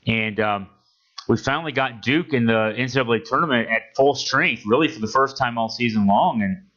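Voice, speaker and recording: Man, podcast host, bright lively tone, loose rambling delivery, slightly dull lo-fi sound. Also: mid-range voice, brisk. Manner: rambling, many restarts and fillers. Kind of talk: casual sports podcast chat. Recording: dull lo-fi audio.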